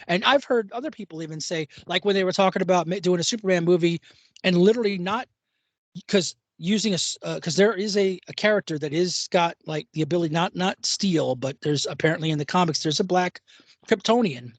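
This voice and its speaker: A man's voice: high-pitched, brisk, no room sound. A man co-hosting a podcast, talking in a rambling, emphatic way with frequent restarts and swearing. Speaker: podcast co-host. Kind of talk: casual chat.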